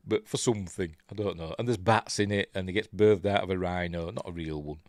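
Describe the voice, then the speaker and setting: An older man from Yorkshire, England, with a Yorkshire accent, hosts a rambling, chuckling, casual live-stream chat and reads out viewer comments. His voice is lowish with big pitch swings, and he talks fast with few pauses. The sound is clean studio audio with no room sound.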